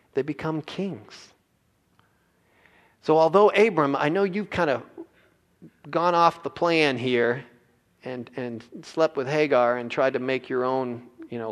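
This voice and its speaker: Pastor preaching in a reverberant hall. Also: male voice, medium pitch. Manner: animated, acts out biblical characters with voices. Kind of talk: sermon.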